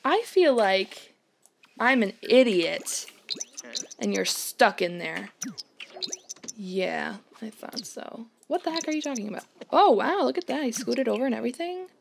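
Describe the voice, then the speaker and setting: Playful woman gamer with a high voice. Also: expressive, unhurried, creaky, a little hiss or hum. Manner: playful, chatty, mock-outraged exclamations. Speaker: gaming channel host. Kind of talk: casual let's-play commentary.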